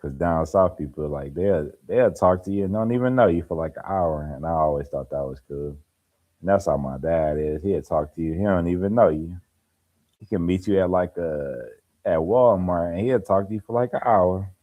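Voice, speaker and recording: Man, very low voice, laid-back, casual live chat, laughs while talking. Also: moderate pace, phone-quality sound. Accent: African American Vernacular English. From American Midwest or East Coast.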